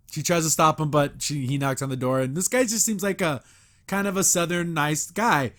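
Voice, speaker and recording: A man's voice: on the high side, animated, normal speed, fairly bright tone. A man hosting a podcast, casually reviewing a cartoon episode, retelling scenes, quoting characters and laughing often. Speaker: podcast host.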